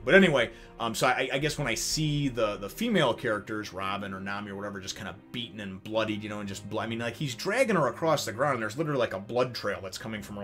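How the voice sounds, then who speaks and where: A man giving a casual, rambling review of a manga chapter. He swears a lot and fills his talk with "you know.". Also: lowish voice. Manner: rambling, swears, many fillers; grows loud and excited when retelling action.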